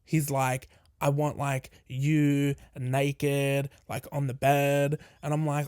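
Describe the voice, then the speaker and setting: A man's voice: fairly high pitch, moderate pace, dry recording, clean studio sound. A young man hosting a podcast, telling a candid, sweary storytime and acting out both sides of a conversation. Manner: candid, swearing, animated retelling with quoted dialogue. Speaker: podcast host. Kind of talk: casual storytime.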